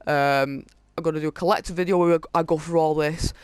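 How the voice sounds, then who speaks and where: A man hosting a gaming video, casually reading through a list of in-game items with many halting fillers. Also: a little high, steady tone, clear, resonant tone, no room sound. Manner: reads off item lists, halting with frequent fillers. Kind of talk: casual game walkthrough commentary.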